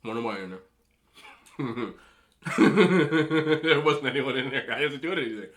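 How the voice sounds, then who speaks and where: A man in his thirties eating on camera, giving emphatic, animated relationship advice to other men and telling stories in a casual chat. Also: medium pitch, unhurried. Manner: storytelling with repeated disapproving hums. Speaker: mukbang vlogger.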